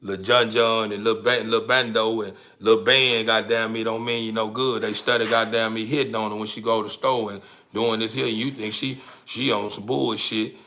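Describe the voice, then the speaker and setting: Hosting a livestream, a man with a lowish voice rants in a casual, profane way, laughing as he stumbles over himself and says words twice. His tone is level yet bright and forceful, and he talks at a normal speed.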